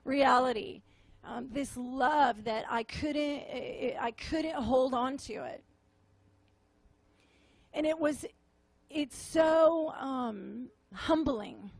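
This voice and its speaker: A woman preacher with a high voice shares a tender testimony in a slow, halting way. She often trails off and repeats her words as if close to tears. Her voice sounds close and dry. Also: gravelly, no room sound. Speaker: prophetic minister. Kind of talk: emotional sermon testimony. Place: meeting room with audience.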